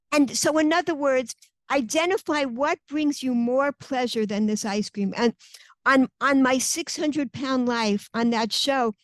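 High-voiced woman guest, earnest. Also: no room sound. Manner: earnest, acts out inner voices. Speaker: guest author. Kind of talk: conversational interview.

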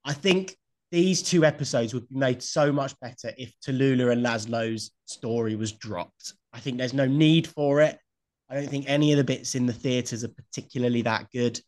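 A man's voice: medium pitch, moderate pace, a little mellow. A man hosting a podcast in casual chat, blunt and swearing freely. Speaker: podcast host.

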